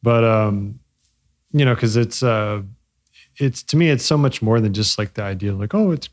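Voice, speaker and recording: A man being interviewed about his bike company, speaking reflectively with many pauses, fillers and restarts as he searches for words. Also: fairly low pitch. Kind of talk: casual interview.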